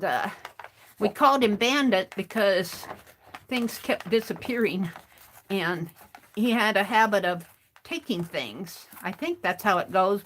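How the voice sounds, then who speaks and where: A woman's voice: mid-range voice, fairly bright tone, slight background noise. A woman hosting a craft stream, telling a rambling, chatty story in a casual way and often restarting her phrases.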